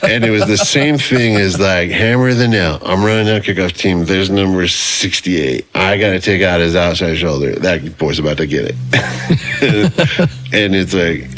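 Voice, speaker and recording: A man, a former pro football player, appearing as a podcast guest and telling vivid anecdotes in a relaxed way. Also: low-pitched, a little slow. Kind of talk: casual chat.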